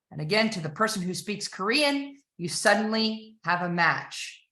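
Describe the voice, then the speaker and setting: A woman delivers a sales training with a bright, forceful voice and an emphatic, persuasive push. She keeps firing rhetorical questions at her listeners. The room around her rings with a roomy echo. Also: mid-range voice, animated, moderate pace, hardly any pauses. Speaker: sales trainer and company founder. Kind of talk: energetic sales training talk.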